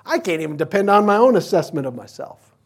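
Husky-voiced man preaching casually. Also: high voice, big pitch swings, fast. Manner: casual, illustrates with playful acted-out examples. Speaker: pastor. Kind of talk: conversational sermon with Bible teaching.

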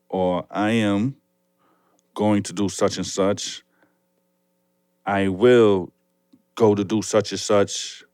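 Young New York guy, co-host; low, easygoing, rambly, dry close sound. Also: clear, resonant tone, no echo. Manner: laid-back, rambling, laughs often. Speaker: podcast co-host. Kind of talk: casual chat.

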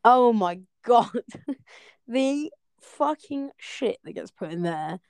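A woman's voice: a little high, expressive, slow pace, a little mellow, dry recording. A young woman with a West Country accent, co-hosting a casual podcast chat, laughing often and throwing in sarcastic, sweary asides. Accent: West Country English. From West Country, England. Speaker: podcast co-host.

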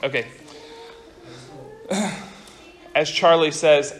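A young man giving a casual youth sermon to a group, talking fast and chatty, often stopping to restart his sentences. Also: on the high side, animated, a bit bright. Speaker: youth pastor. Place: room with a group of listeners.

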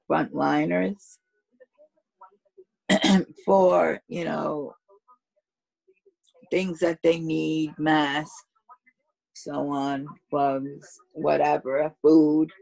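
A hoarse woman co-hosting a casual chat podcast, her voice low-set and gravelly with a husky edge. She talks slowly in halting bits, close and dry on the mic. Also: darkish tone, no room sound, rough recording. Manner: slow, halting delivery with many pauses. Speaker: podcast co-host.

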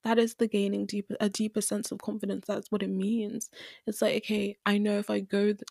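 A woman's voice: mid-range voice, flat delivery, fairly quick, creaky, dark tone, dry recording. Young female podcast host, earnest and teary, dry close sound. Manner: earnest, emotional, repeats herself for emphasis. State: tearful at times. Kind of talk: candid solo podcast talk.

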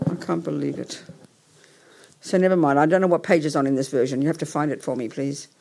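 Leading a session for both an in-room audience and remote listeners, an English woman talks quickly in a low, steady voice with vocal fry. There's background noise. She rambles, interrupts herself, and works things out as she speaks.

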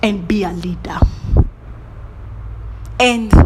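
A woman giving a dramatic motivational monologue, swinging between whispers and loud bursts and often laughing at herself. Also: mid-range voice, slow pace, noisy background. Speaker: motivational speaker.

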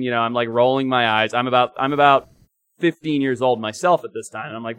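A young man from Africa, co-hosting a podcast, telling stories in an animated, emphatic way, sometimes swearing. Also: medium pitch, fast, clear, resonant tone, dry recording. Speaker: podcast co-host. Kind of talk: casual chat and storytelling.

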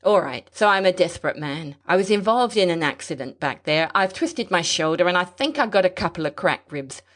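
A woman voicing a desperate, injured male fugitive who talks in a gruff, clipped snarl. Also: on the low side, animated, a little fast, a bit bright. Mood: angry.

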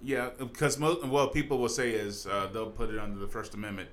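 A man's voice: on the low side, brisk, a bit bright. A man co-hosting a casual podcast, laid back, walking through hypothetical examples with a few stumbles. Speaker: podcast co-host. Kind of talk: casual chat.

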